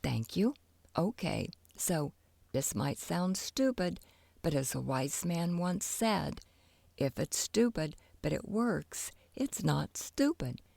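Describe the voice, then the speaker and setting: Woman reading as a boastful storybook boy, cocky, chatty, slow and lively. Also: lowish voice, gravelly, no room sound, full character voice. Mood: explaining. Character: boastful, careless young boy.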